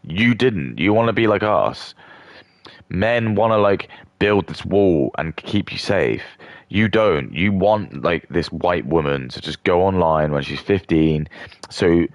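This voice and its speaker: A man's voice: low voice, expressive, takes it slowly, dry recording, clean studio sound. A young man rambling through a contemptuous rant as a streamer. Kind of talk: ranting casual monologue.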